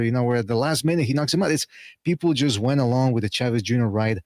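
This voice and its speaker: A man's voice: mid-range voice, fast talker, no room sound. Sardonic man with a dry close mic. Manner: rambling, sardonic, blunt opinions. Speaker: podcast co-host, boxing pundit. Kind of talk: casual opinionated commentary.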